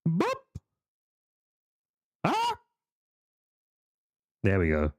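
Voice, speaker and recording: A man's voice: deep voice, lively intonation, moderate pace, dark tone, no echo, clean studio sound. A man streaming a game, chatting playfully with viewers and reading the story aloud. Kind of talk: live-streamed game narration.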